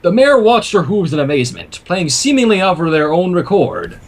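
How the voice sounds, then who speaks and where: A man reading a fan story aloud for a livestream, animated with joking asides. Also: sits high, moderate pace. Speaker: story reader.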